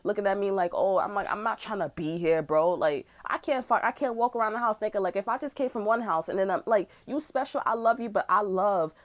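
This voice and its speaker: Twenty-something woman going off in a casual rant, middle-pitched voice, cussing and saying bro nonstop. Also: fairly quick, hardly any pauses. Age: 20s. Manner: profane, heated, says "bro" constantly. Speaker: tarot channel host.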